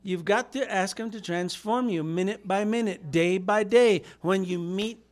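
Impassioned high-voiced male preacher. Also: measured pace. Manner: impassioned preaching with acted-out quotes and rising shouts. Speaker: pastor. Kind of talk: sermon.

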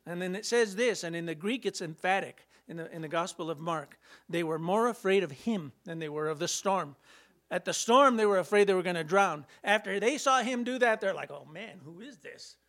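A man preaching a sermon, reading scripture and acting out Bible scenes with playful, animated humor. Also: high voice, fairly quick.

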